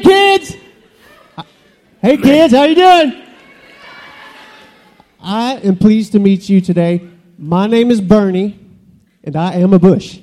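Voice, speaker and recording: A man voicing a chatty, boastful talking bush who tells a story to children in a church skit. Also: sits high. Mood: playful. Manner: animated, playful storyteller addressing kids. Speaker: children's church puppet character.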